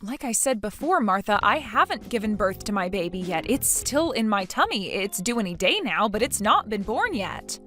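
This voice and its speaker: A woman's voice: medium pitch, sing-song, moderate pace, hardly any pauses, a bit bright, faint music behind. A synthetic female voice playing a pregnant young wife who answers in a hesitant, puzzled way. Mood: confused.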